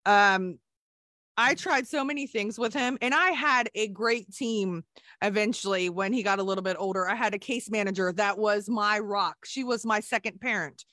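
A woman's voice: fairly high pitch, pushed and bright, dry recording, studio quality. A middle-aged woman, a nurse, telling her story candidly in an emotional, rambling way with many restarts. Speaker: guest, nurse.

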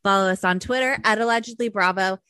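A young woman chats animatedly as a podcast co-host, swearing freely along the way. Her voice sits at an ordinary pitch. The sound is dry and close, with no room around it. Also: fast talker, bright, forceful tone, smooth, no echo. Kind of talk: casual chat.

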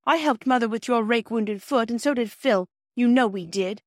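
A woman's voice: a little high, normal speed, dry recording, voice pushed up, close to an everyday voice. An earnest young girl who speaks firmly and stands her ground, her voice lifted somewhat above the reader's own, as a woman reads her. The sound is dry and close. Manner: firm and earnest. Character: firm, principled young girl.

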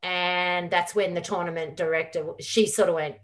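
Middle-aged woman telling a lively story. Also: fairly low pitch, normal speed. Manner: lively anecdotal storytelling with quoted dialogue. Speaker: guest, former squash champion. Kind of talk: interview storytelling.

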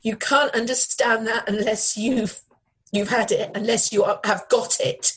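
Sad middle aged woman in an interview, husky voice, keeps stopping and repeating words. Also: mid-range voice, steady tone, poor audio. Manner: halting, grieving, repeats phrases. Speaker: interviewee, bereaved widow. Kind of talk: emotional news interview.

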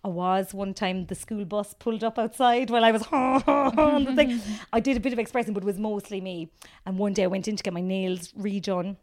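A Cork woman in her thirties chats casually as a guest comedian. She tells animated stories and acts out what people said along the way. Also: mid-range voice. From Ireland. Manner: animated storyteller, acts out quotes. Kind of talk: casual chat.

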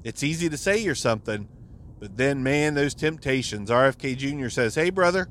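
A man's voice: mid-range voice, expressive, normal speed, fairly bright tone, a little hiss or hum. A man hosting a podcast, delivering a casual, exasperated monologue full of profanity. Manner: profane, exasperated rant with frequent swearing. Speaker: podcast host.

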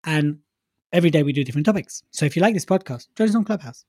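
A man's voice: on the high side, expressive, racing, a little mellow, no room sound, clean studio sound. A man co-hosting a casual podcast, chatty and jokey, poking fun at himself. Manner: jokey, chatty, self-mocking. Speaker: podcast co-host.

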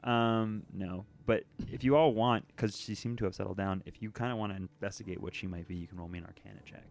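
Low-voiced male game master. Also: quick pace, creaky. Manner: relaxed, descriptive narration with rulings. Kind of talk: narrating a tabletop game. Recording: light background music.

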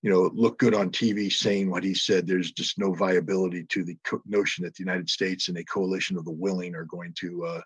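A man answering a question on a panel, giving measured analysis with many pauses and fillers. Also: sits low, flat delivery, slightly rough, no echo. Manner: measured, many ums and uhs. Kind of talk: analytical commentary.

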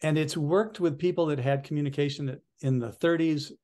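A man talks through coaching examples with energy, slipping into the voices of the people he coaches as he goes. His voice sits a little higher than most men's. The delivery is relaxed, conversational podcast chat. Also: moderate pace. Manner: animated, explains through worked examples. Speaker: strengths coach.

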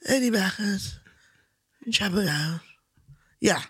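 A woman comedian talks as a podcast guest in lively, emphatic casual chat. Her voice is bright and forward, recorded close and dry. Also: on the low side, normal speed, no echo.

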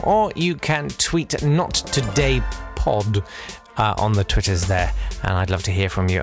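A man hosting a casual solo podcast, wry and rambling, with big swings in pitch. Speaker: podcast host.

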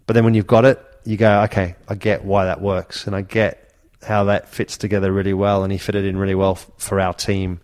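A man's voice: low voice, little pitch movement, fairly quick, darkish tone. A man, a former footballer and podcast co-host, telling anecdotes in casual chat. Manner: anecdotal, acts out quotes with raised voice.

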